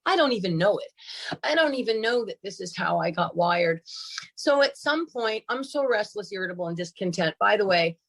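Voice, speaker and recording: A woman's voice: mid-range voice, expressive, normal speed, a bit bright, husky. An older woman tells her own recovery story to a meeting. She speaks candidly and emphatically, with dramatic swings in her delivery. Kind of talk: personal recovery testimony.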